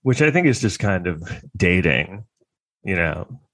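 A man's voice: low voice, big pitch swings, unhurried, a bit bright, no room sound. A man delivering a rambling, crude, sarcastic comedic monologue.

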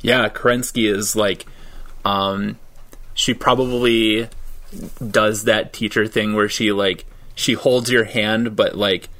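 A man narrating a tabletop role-playing game as game master, halting, with many ums and frequent laughter. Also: lowish voice, fairly even intonation, a bit bright. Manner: halting, full of ums and likes, laughs often.

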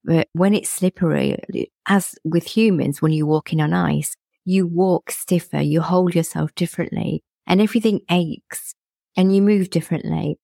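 A middle-aged woman with a low, warm voice and a gravelly edge, chatting reflectively as a guest. She laughs often while she talks. The sound is dry and close. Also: dry recording. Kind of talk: casual conversational chat.

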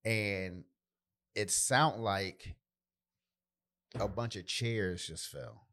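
A man's voice: fairly low pitch, animated, extremely slow, fairly bright tone. A man co-hosting a podcast in a laid-back, easygoing manner, telling a story from his work. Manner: laid-back, easygoing, chimes in with short replies. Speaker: podcast co-host. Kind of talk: casual chat.

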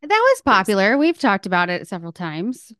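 A woman's voice: mid-range voice, wildly swooping pitch, brisk, fairly bright tone, no echo. Dry-witted woman podcast co-host. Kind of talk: casual chat.

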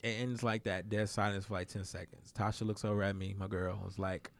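A young man in casual chat, telling a story in an animated way and acting out the quotes. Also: a little fast. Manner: animated storytelling, acts out quotes with sudden high-pitched squeals.

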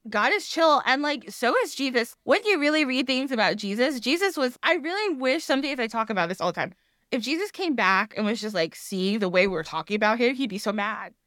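A woman's voice: fairly high pitch, animated, brisk, a bit bright, dry recording, clean studio sound. A woman hosting a podcast, chatting casually, rambling and laughing often as she acts out other people's voices. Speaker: podcast host. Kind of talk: casual chat.

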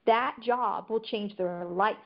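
A woman chatting casually as a guest, telling anecdotes in an easy, talkative way. Her voice sits at a middle pitch. The audio is a bit dull and lo-fi. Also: slow. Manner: chatty storyteller. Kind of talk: casual conversation.

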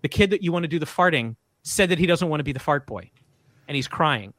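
A middle-aged man telling a story in casual podcast chat, animated and full of restarts. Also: on the high side, fast talker, no room sound. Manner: animated, breathless, lots of restarts and self-quotes. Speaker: guest storyteller.

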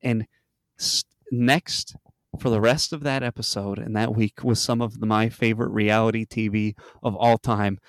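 A man's voice: medium pitch, dry recording. Podcast dude telling a story, swears nonstop, voice jumps up when he does quotes, dry sound. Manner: animated storyteller, swears a lot, acts out quotes in a raised voice. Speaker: podcast host. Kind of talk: casual chat, retelling a reality show.

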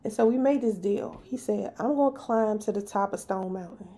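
Emphatic thirties woman with a gravelly, mellow voice. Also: mid-range voice, moderate pace, slight background noise. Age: 30s. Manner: animated, emphatic, slips into voicing others. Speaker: podcast host. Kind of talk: candid personal storytelling.

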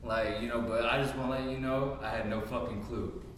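A young man tells a story to his friends on a podcast, swearing freely and laughing along. His voice sits at an average pitch. The room is very echoey and the background noise is easy to hear. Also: a little fast. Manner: animated storyteller, swears a lot, laughs often. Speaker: podcast co-host. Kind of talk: casual chat.

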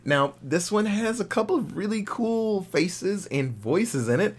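A young man co-hosting a podcast, reviewing a horror film in casual, profane, animated chat. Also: high voice, a little slow. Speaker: podcast co-host.

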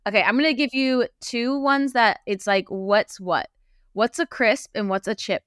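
Chatty American woman, smooth voice. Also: fairly high pitch, normal speed, fairly bright tone, no room sound, studio quality. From United States. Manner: chatty, quizzing, laughs often. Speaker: podcast co-host. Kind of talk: casual chat. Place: Europe.

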